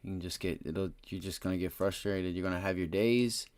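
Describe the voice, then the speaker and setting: A man hosting a live day-trading stream, cursing bluntly and swinging between low muttering and loud excited bursts. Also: fairly quick. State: frustrated. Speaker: livestream day-trading host.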